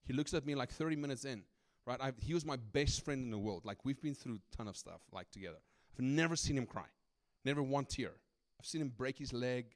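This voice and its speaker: A middle-aged man from Africa, preaching a sermon as a guest speaker, telling personal stories in an animated, conversational way and often asking "right?". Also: medium pitch, a little fast, few pauses. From South Africa.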